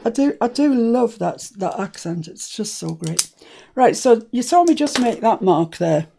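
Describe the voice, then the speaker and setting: A woman's voice: fairly high pitch, sing-song, unhurried, vocal fry, dark tone, a little hiss or hum. A woman hosting a casual craft tutorial at a cluttered desk, chatting and muttering to herself as she works. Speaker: craft channel host.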